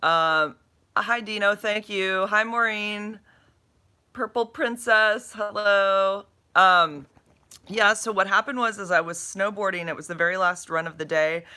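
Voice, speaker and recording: A drowsy woman with a bright voice chats loosely on a live stream from her bed. She rambles, trips over words and greets viewers as she reads their comments. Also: deep voice. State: drowsy and dopey from medication. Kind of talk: casual live-stream chat, reading comments. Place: in bed at home.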